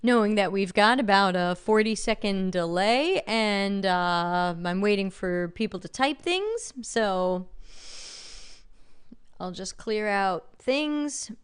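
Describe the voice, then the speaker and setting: A woman's voice: mid-range voice, slow pace, clear, resonant tone. A woman with a light New York accent hosting a live stream, reading out chat comments and giving blunt, sardonic commentary. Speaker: livestream host.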